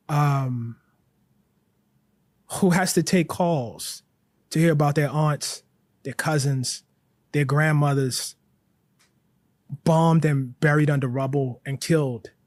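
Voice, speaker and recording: A male author with a high voice gives a passionate interview answer in deliberate, building sentences. The recording is dry, with no room sound. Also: darkish tone, dry recording. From northern United States city.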